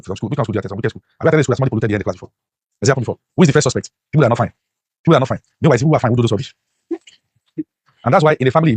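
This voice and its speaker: A motivational teacher lectures a class in a preachy style full of rhetorical questions, his voice leaping up sharply whenever he stresses a point. He has a medium-pitched, darkish, husky voice, recorded with no echo.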